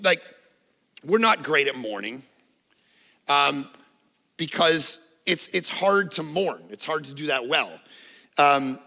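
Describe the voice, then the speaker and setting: A man in his forties preaching a sermon as pastor, in a lively, conversational storytelling manner with touches of humor, in a church auditorium. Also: a little high. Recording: reverberant church hall.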